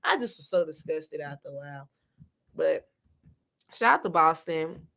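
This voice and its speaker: Woman co-host, lively swings in pitch, chatty and rambling. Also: moderate pace, gravelly. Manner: animated, chatty, restarts a lot. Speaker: podcast co-host. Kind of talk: casual chat.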